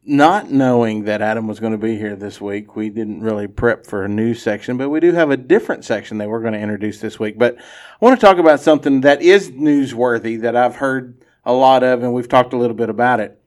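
A man's voice: mid-range voice, a little fast. A man hosting a casual sports podcast, easygoing and opinionated, laughing often. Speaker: podcast host.

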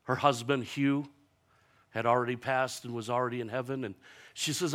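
A man preaching a sermon as pastor, telling stories animatedly and slowing down for emphatic, repeated lines. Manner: animated storytelling, acting out quoted voices with big jumps in pitch and loudness; preaching with slow, emphatic repetition.

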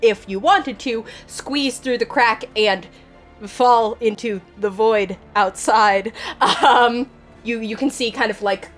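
Giggly woman running a tabletop game. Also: medium pitch. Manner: casual, giggly, lots of fillers. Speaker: game master.

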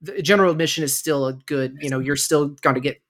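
A podcast co-host speaking in casual, hesitant chat, hedging a lot and restarting often. The voice sits at a middle pitch. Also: fast talker. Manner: hesitant, hedging, full of fillers.

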